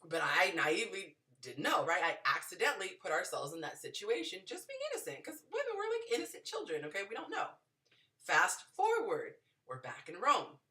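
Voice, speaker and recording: Low-pitched lively woman storyteller. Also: fairly quick, distant mic. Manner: animated, acts out the people in her stories. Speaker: podcast host giving dating advice. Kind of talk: casual storytelling advice.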